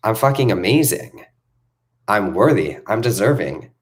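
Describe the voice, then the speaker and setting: A young man with a fairly low voice rants as a self-help coach, speaking off the cuff. He talks emphatically, piles up repeated phrases and swears freely. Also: lively intonation, measured pace. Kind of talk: unscripted motivational rant.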